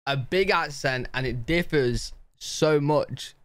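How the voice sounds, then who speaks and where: British male reaction host, rambling casual chat, slightly high voice. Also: slow pace, fairly bright tone, clear, resonant tone, dry recording. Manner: chatty, rambling, says "bro" a lot.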